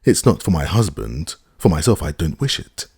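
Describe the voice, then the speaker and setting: Flustered young wife, hurried and pleading, voiced by a deep, gravelly male reader. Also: big pitch swings, darkish tone, no room sound, studio quality, full character voice. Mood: firm. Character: agitated young married woman, flushing, hasty.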